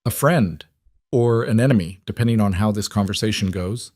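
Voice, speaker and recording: Smooth menacing mob boss, man reading. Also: on the low side, normal speed, darkish tone, dry recording, studio quality, natural voice. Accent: faint Italian. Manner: smooth, amused, threatening.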